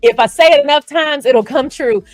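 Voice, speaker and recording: A woman's voice: high voice, brisk, no echo. A woman hosting a livestream, blunt and sarcastic, reading viewer comments and laughing often. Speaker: livestream host.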